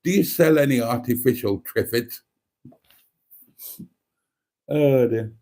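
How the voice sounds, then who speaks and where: A man with a medium-pitched, darkish voice takes his time as he hosts a casual livestream. He reads viewer comments out loud, dropping wry, campy asides and laughing often.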